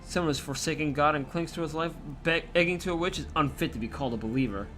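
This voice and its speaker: A man's voice: a little high, fast talker, fairly bright tone, faint music behind, close to an everyday voice. A man voicing a cruel, vengeful woman, a fallen saint, reading her game lines aloud in a sneering, theatrical way. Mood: gloating. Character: cruel vengeful dark female saint, mocking and gloating.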